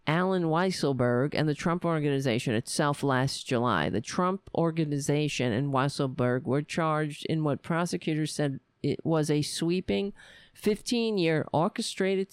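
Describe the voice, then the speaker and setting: A woman's voice: sits low, a little mellow, clear, resonant tone, no room sound. A woman reading news articles aloud and breaking off into sarcastic, profane political commentary, often stumbling and correcting herself.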